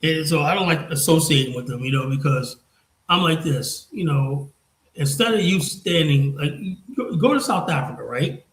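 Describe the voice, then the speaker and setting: Fired-up man with a high voice, echoey room. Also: lively intonation, normal speed. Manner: blunt, profane, fired up. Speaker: podcast host. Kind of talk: heated casual discussion.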